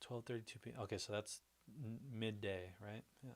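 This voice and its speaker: A man's voice: fairly low pitch, fairly even intonation, a little fast. A man hosting a casual livestream, chatting in a rambling, upbeat way and talking back to his viewers. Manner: chatty and rambling, with frequent restarts and "like"; upbeat and friendly toward viewers. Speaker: livestream host. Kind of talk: casual livestream chat reacting to viewer comments.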